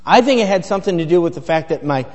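Middle-aged male preacher, folksy and rambling, slightly high voice, long church reverb. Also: animated, very fast, darkish tone. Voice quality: folksy, filler-heavy storytelling. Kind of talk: sermon. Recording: echoey hall with long reverb.

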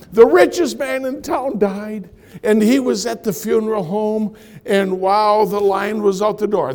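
A man preaching a sermon in church, swinging from loud punchlines to quiet, confiding asides as he tells stories. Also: high voice, creaky. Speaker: pastor. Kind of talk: sermon with storytelling.

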